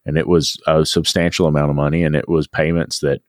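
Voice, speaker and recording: A man's voice: rumbling low, little pitch movement, brisk, no echo, studio quality. A man co-hosting a podcast, telling a long personal story in a reflective, repetitive way. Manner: reflective storytelling, repeats words as he thinks. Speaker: podcast co-host. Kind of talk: casual podcast chat.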